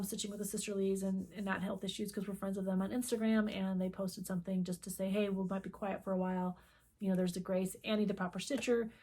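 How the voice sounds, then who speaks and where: A middle-aged woman co-hosting a crafting channel, telling a story in casual chat and acting out the quoted dialogue. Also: mid-range voice. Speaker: co-host of a cross-stitch video channel.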